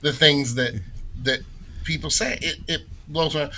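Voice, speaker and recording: Male co-host, very bright and forceful tone, opinionated. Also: on the high side, steady tone, unhurried, slight background noise, poor audio. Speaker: podcast co-host. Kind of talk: casual podcast chat.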